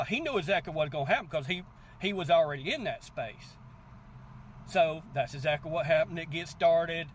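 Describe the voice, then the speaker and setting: Animated man talking crypto outdoors. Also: fairly high pitch, brisk, a little hiss or hum. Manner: animated storyteller, repeats "guess what" and acts out quotes. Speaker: crypto channel host. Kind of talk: casual motivational talk to camera.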